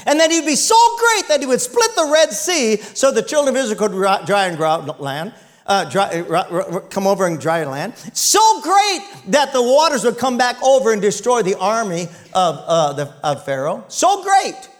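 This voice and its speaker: A man's voice: high voice, normal speed. A man preaching a sermon, retelling scripture and calling out for amens from the congregation. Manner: animated preaching, calls for amens and shouts. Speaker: pastor.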